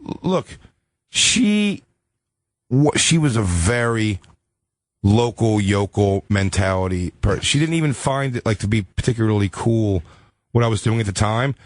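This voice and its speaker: A man's voice: unhurried, no echo. A man in his forties hosting a talk show, telling a personal story in casual chat and acting out the people in it. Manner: animated, acts out quotes with big pitch jumps. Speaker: podcast host.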